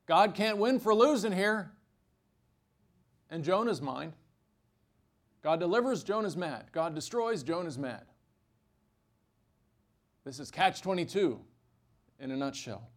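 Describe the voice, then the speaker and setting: A man preaching a sermon, animated, with sudden jumps in pitch and loudness and dry asides. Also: slow, long pauses.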